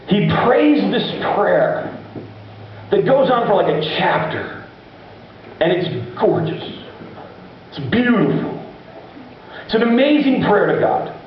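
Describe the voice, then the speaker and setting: Animated preacher in an echoey hall. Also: male voice, sits high, slight background noise. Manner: animated storytelling preacher, acts out voices. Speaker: pastor. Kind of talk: sermon. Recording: echoey dull room recording.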